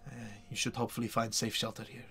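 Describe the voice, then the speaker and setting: A man doing a worn-out noble, formal and halting, sighing between words, in a dark tabletop game. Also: mid-range voice, completely flat delivery, slightly rough. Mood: weary. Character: weary wary male nobleman escorting the party.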